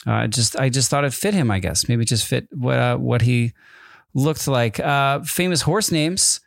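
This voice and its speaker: A man's voice: mid-range voice, normal speed, creaky, no echo, studio quality. A man hosting a podcast in casual chat, reading listener messages and rambling with many fillers and restarts. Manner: rambling, hesitant, self-interrupting with fillers. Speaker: podcast host.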